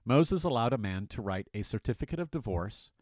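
A man co-hosting a conversational Bible study, reading scripture in an animated, dramatic way. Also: mid-range voice, brisk, no echo. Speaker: pastor co-host.

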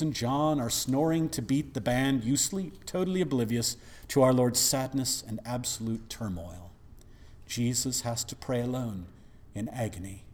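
A man preaching a sermon in a dramatic, rhetorical and animated way. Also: mid-range voice.

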